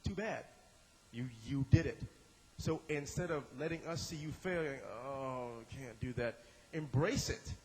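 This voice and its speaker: A man's voice: a little high, normal speed, slightly rough, in a large hall, low-quality recording. A man teaching an improv class, talking with energy, acting out short examples in character voices and often repeating and restarting his words. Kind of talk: instructional talk to a class.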